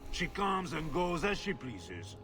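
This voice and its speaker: A brooding husband, grumbling, defensive, slow, lively pitch. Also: male voice, music in the background, exaggerated voice. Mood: bitter. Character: brooding husband whose wife ran off.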